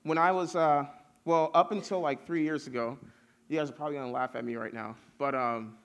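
A man's voice: a little high, steady tone, a little fast. A young man preaching a casual youth sermon, telling stories and building lists with rising force.

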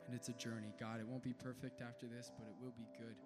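A man leading a soft, steady spoken prayer. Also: medium pitch, quick pace. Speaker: prayer leader. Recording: guitar playing behind. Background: guitar music.

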